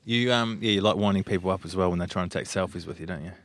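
A man's voice: low-pitched, very fast, background noise. A male podcast host interviewing a guest in a studio, teasing him with leading questions and chuckling along. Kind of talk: casual banter interview.

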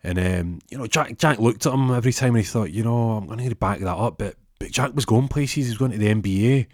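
A man's voice: medium pitch, fast, darkish tone, no room sound, clean studio sound. A man telling a comic story in a casual, rambling way with lots of restarts.

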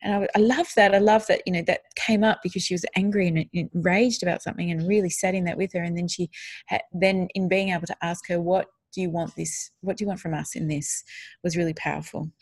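A middle-aged woman co-hosting a podcast, talking earnestly in casual conversation and growing animated when enthused. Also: on the low side, fast talker, breathy edge, dry recording. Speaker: podcast co-host.

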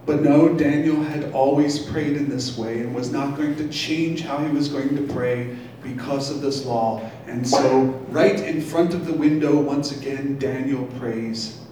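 Reading from scripture and then breaking off to explain it, a male pastor delivers a sermon in a brewery taproom. His pitch is medium and his intonation fairly even. Background noise is present, and the distant mic picks up a very echoey room.

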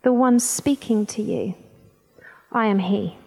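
A woman reading scripture aloud, voicing a calm, authoritative male teacher in a measured, solemn way. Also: medium pitch, creaky, big-room sound, voice pushed down.

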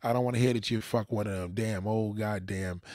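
In a clean, dry studio recording, a middle-aged man with a darkish, lowish voice talks a little fast with fairly even intonation. He preaches crude dating advice at viewers, swearing constantly, leaning on "goddamn," and mimicking other people's voices.

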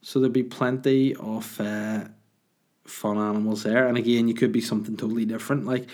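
A man's voice: lowish voice, flat delivery, fairly quick, a little mellow. A man hosting a podcast, rambling and joking as he answers listener questions. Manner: rambling, jokey, sweary. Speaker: podcast host.

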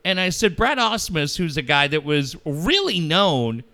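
A man's voice: a little high, very animated, unhurried, gravelly, bright, forceful tone. A man ranting about local sports with constant swearing and mocking put-on voices. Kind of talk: profane sports rant.

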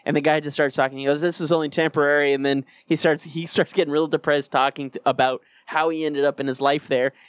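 A man's voice: a little high, little pitch movement, quick pace, few pauses, no echo. A man co-hosting a podcast, telling stories casually with heavy swearing and laughter. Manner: profane, storytelling, laughing. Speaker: podcast co-host. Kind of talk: casual chat.

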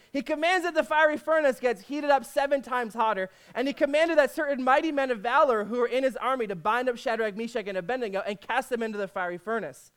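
A man's voice: high-pitched, clear, resonant tone. A man preaching in a casual, jokey way, reading scripture aloud between conversational asides.

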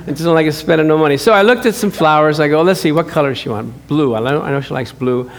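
A middle-aged man preaching a sermon, telling a married-life story with animated acted-out dialogue and frequent chuckles. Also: a little high, quick pace. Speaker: pastor. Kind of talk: sermon with personal stories.

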